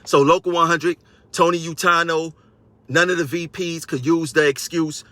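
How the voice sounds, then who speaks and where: A man rants on a live stream to his fellow transit workers, hammering each point by saying it twice. His voice is forceful and tense, pitched a bit high, and it sounds dry and close with no room echo. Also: steady tone, moderate pace. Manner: combative, repeats phrases for emphasis. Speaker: transit union member. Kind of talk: live-stream rant to viewers.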